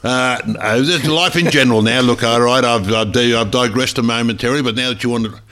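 A man's voice: mid-range voice, a little fast, a bit bright. An older Australian man giving blunt, rambling opinions as a regular on a talk radio show.

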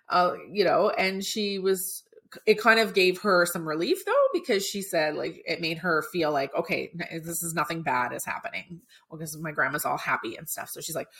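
A woman with a somewhat low voice hosts her podcast, telling a personal story in a loose, chatty way. She leans on filler words and sometimes sounds choked up with emotion. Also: normal speed, a bit bright. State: choked up at times. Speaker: podcast host. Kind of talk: casual storytelling monologue.

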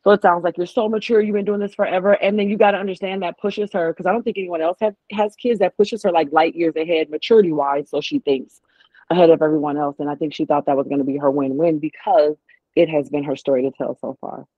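A woman chatting casually as co-host of a reality-show recap, opinionated and animated, slipping into voices when she quotes people. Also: sits low, fast, dry recording. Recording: dull lo-fi audio.

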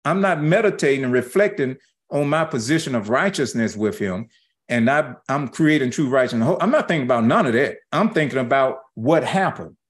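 A middle-aged man preaching a sermon in a folksy, animated way, acting out quoted asides. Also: mid-range voice, brisk. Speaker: pastor.

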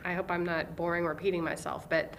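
Animated woman telling vivid stories. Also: lowish voice, a little fast, a little hiss or hum. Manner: animated storyteller, acts out kids' voices with excitement. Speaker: librarian and interview guest. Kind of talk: conversational interview.

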